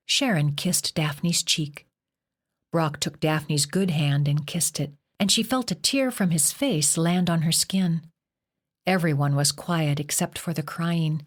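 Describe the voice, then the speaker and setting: Woman narrating an audiobook, lower voice. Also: slow. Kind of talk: scripted narration.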